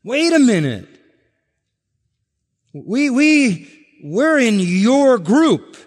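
A man's voice: very high-pitched, sing-song, drawn-out words, pitched above the performer's own voice, heavily acted. A man voicing a crowd of false believers at judgment, protesting in indignant, pleading tones. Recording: reverberant hall.

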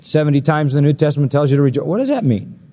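Male preacher, sermon delivery, emphatic, rhetorical questions, big pitch swings. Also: expressive, racing, mellow. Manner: emphatic, asks the audience rhetorical questions, swings between high and low pitch.

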